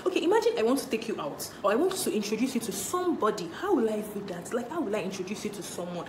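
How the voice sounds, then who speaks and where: Skit partner: young woman, dismissive and exasperated, lively swooping pitch, echoey room. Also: very fast, few pauses. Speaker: comedy skit actress. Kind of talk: comedy skit. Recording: echoey room with faint hiss.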